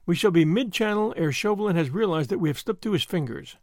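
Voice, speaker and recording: A man reading aloud, voicing an impatient, anguished young noblewoman in a raised, lively voice. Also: high-pitched, fast talker, no echo, studio quality. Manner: eager, excitable, pleading.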